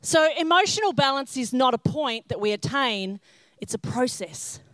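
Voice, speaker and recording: A woman's voice: high voice, moderate pace, no room sound. A middle-aged woman preaching a sermon, telling self-mocking stories and acting out the scenes. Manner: self-mocking humorous storytelling; animated, acts out scenes in character. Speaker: pastor.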